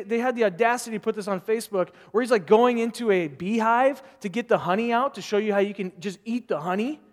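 A man's voice: sits high, big-room sound. A man preaching a sermon in a conversational, rambling way, full of asides and rhetorical questions. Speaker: pastor.

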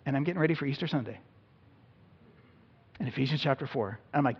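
A man's voice: mid-range voice, quick pace, slightly rough. A man preaching an Easter sermon as a pastor, conversational and self-deprecating with humor. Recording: dull audio in a reverberant hall.

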